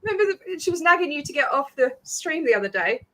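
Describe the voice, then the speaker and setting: A woman's voice: sits high, sing-song, fast, bright, forceful tone. A woman in a casual chat, frank and supportive. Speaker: guest in a live chat stream.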